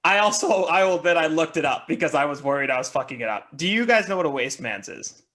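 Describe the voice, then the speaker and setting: A man from Canada co-hosting a laid-back beer podcast. His voice is bright and a bit tense, set slightly high, and he explains slang eagerly with casual swearing. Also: lively intonation, fast. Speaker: podcast co-host. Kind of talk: casual chat over beers.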